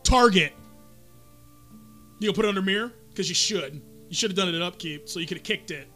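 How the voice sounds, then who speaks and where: A man's voice: sits high, racing, bright, forceful tone, faint music behind. A man playing a card video game with a friend, commenting casually and ranting with lots of profanity. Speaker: gamer.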